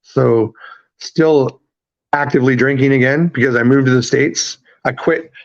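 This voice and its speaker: A man's voice: medium pitch, fairly even intonation. Male podcast guest, 30s, rambling casual storyteller, muffled audio. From Canada. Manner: rambling, halting, many fillers and restarts. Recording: slightly dull lo-fi audio.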